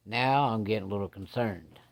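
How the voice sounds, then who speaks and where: A man telling a first-person ghost story in a plain-spoken, folksy way, building suspense with slow, deliberate pacing. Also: mid-range voice, creaky, darkish tone. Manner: plain-spoken, drawling, folksy rural grammar.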